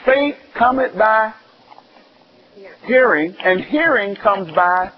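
A man preaching a sermon, telling stories with animated ups and downs in his delivery. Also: slow pace, dull audio. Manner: animated storytelling, rising high and loud when excited.

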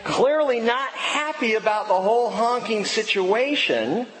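A man's voice: high-pitched, animated, a little slow, background noise. A man preaching a sermon, telling a personal story with self-mocking humor. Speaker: pastor. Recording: long reverb of a church hall.

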